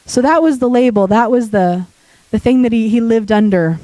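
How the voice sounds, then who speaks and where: Sick woman preaching in a mellow voice. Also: a little high, moderate pace, no room sound, rough recording. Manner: conversational, joking asides to the congregation. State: sick, voice deepening. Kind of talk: sermon. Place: church.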